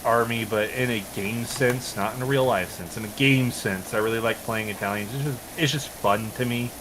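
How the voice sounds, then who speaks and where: A man's voice: medium pitch, steady tone, normal speed, noisy background. Profane man ranting through a story. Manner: profane, exasperated storytelling with many restarts. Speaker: co-op game streamer. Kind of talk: casual storytelling chat while gaming.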